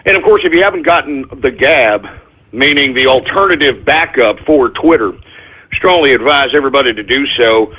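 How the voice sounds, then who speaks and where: A man's voice: mid-range voice, expressive, normal speed, slightly rough. A man hosting his own talk radio show, rambling in a comic monologue and breaking off to scold his crew and his dog in exasperation. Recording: phone-like narrow-band audio.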